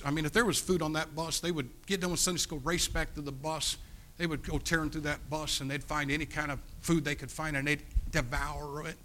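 A pastor preaches in an earnest, pleading way, telling a personal story to his congregation. His voice is bright and forward, rising loud and then dropping almost to a hush. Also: a little high. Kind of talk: storytelling sermon.

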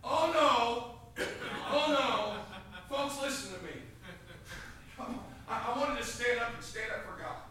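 A male pastor preaching a fiery sermon, emphatic, swinging between shouted passages and hushed ones. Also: extremely high pitch, animated, takes it slowly, slight background noise.

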